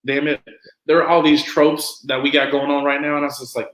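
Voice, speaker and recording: A man's voice: fairly high pitch, flat delivery, fairly quick, fairly bright tone, reverberant, poor audio. A man guesting on a podcast in casual chat, an easygoing storyteller who acts out quotes.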